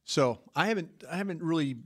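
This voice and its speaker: A man's voice: fairly high pitch, lively intonation, brisk. Easygoing man chatting on sports talk. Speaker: co-host. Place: studio.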